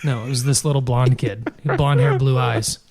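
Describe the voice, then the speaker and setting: A man's voice: mid-range voice, fairly even intonation, moderate pace, darkish tone. A man co-hosting a podcast, chatting casually, explaining at length with some swearing. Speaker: podcast co-host. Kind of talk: casual chat.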